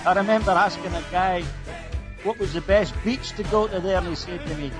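A man's voice: high voice, fairly even intonation, a little fast, over music. A Scottish man in his sixties calling in to a radio talk show, telling stories in an amused, self-deprecating way. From Scotland. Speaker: caller. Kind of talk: casual storytelling on a radio call-in.

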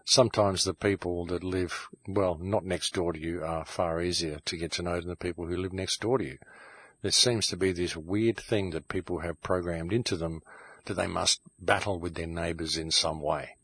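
A man's voice: low-pitched, fairly even intonation, moderate pace, fairly bright tone, husky, no room sound. A man hosting his own show, delivering an impassioned, ranting monologue and calling his listeners "folks", recorded in a home shed. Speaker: show host.

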